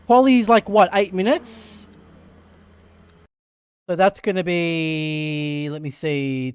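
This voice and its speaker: An Australian man chatting on a live stream while sim racing, thinking out loud and getting excited. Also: a little high, slow, pauses often, smooth, no echo. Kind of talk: live-stream gaming chat. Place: home sim racing rig.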